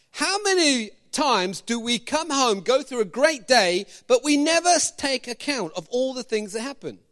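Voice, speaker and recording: Animated preacher guy, high voice swooping all over, keeps quizzing the crowd. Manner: animated, asks the congregation questions, jokey asides. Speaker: pastor. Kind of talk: sermon.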